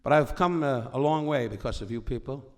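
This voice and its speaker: A man's voice: medium pitch, fairly quick, a little mellow. An older man, a comedian telling rambling, wisecracking stories on stage, often breaking off to interrupt himself. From New York. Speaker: comedian guest. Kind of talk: on-stage storytelling conversation. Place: stage before a live audience.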